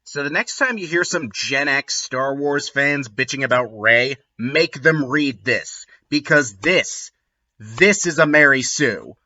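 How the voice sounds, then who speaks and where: A man giving comedic commentary with sarcastic, wry asides. His delivery is slow and unhurried, with a very bright, sharp tone. The recording sounds dull and lo-fi. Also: medium pitch. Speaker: host reading and mocking a fanfiction.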